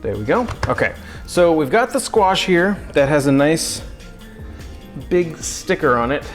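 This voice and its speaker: Goofy male cooking-stream host, unhurried and jokey, faint music under a home-kitchen mic. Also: fairly high pitch, big pitch swings. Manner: goofy, jokey, talks to chat and pets while cooking. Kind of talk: casual cooking livestream chat.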